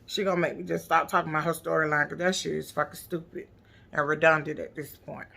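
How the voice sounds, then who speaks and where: A woman with a gravelly, fry-laden voice and a bright, sharp tone recaps a reality show episode. She talks casually and bluntly, with plenty of profanity and sass. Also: low-pitched, flat delivery, fast talker. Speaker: TV recap vlogger.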